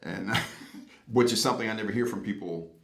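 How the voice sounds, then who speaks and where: A man's voice: fairly low pitch, a little fast, creaky. A man from Boston with an American accent, speaking reflectively in an interview and telling anecdotes. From Boston, United States.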